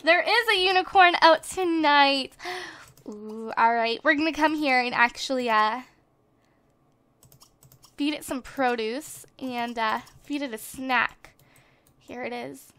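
Young woman, high voice, let's play host, excitable chatter, dry close desktop mic. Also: slow, pauses often, clean tone, dry recording. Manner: chatty and excitable, gasping at surprises. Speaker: gaming channel host. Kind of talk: casual let's play commentary. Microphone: desktop USB microphone.

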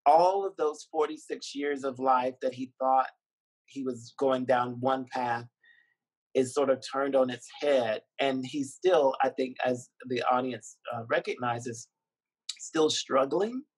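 A man, a filmmaker and dean, speaking on a video call in a reflective, emotional way with frequent pauses and soft laughs. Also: mid-range voice, breathy edge, low-quality recording. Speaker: documentary filmmaker and university dean. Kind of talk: virtual interview conversation.

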